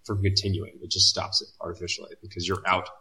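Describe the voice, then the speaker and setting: A man's voice: low voice, level tone, fast talker, vocal fry, pushed and bright, low-quality recording. A man co-hosting a casual podcast, explaining ideas thoughtfully, often restarting and searching for words. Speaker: podcast co-host.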